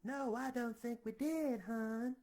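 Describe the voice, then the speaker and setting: A woman's voice: fairly high pitch, slow, mellow, pitched below the performer's own voice. A woman voicing a mild, agreeable mother bear in a comic storybook telling. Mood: agreeing.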